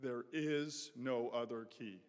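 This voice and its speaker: A man voicing a wise old Greek philosopher in a story, speaking low, quiet and measured. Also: clean tone, close to an everyday voice. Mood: solemn. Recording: echoey chapel reverb.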